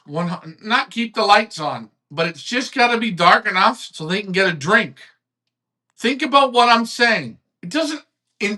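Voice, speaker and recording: Man ranting loudly on a live stream. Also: high-pitched. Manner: ranting, swearing, animated, swings loud to quiet. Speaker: host of a live online pigeon club show. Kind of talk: heated live-stream rant.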